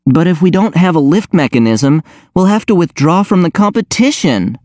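A distraught schoolgirl, put on by a man narrating snaps at her friends in a raised voice. The reading stays lively and tight. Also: a little high, normal speed, no echo, studio quality, voice pushed up, close to an everyday voice. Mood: upset. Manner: snappish. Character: distraught, snappish young schoolgirl.

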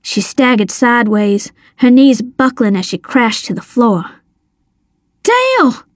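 A woman narrating a story in the first person, measured and dramatic. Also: fairly high pitch, no echo, studio quality. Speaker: audiobook narrator.

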